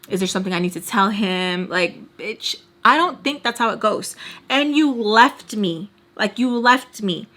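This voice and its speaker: Young woman storyteller, candid, filler-heavy chat, mid-pitched, blunt and animated. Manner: chatty and candid, heavy use of "like"; animated retelling, swearing freely. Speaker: storytime vlogger.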